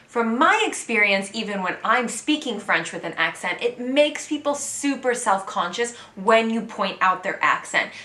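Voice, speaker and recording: A woman's voice: fairly high pitch, bright, forceful tone, reverberant. An American woman in her thirties chatting candidly to camera as a vlogger living abroad. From United States. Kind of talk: casual chat to camera.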